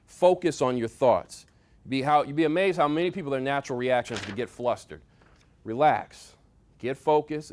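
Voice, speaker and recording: A man giving a lively motivational talk to a workshop audience, coaching them with sports analogies, repetition and swings in loudness. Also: medium pitch. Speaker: speaker at a leadership workshop. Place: meeting room with audience.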